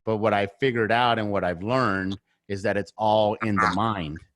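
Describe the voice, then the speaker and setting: As a podcast guest in a casual conversation, a real estate investor speaks bluntly, swearing heavily and pounding his points with repeated phrases. His voice is fairly low, steady and slightly bright, at a normal speed, in a dry, clean studio recording.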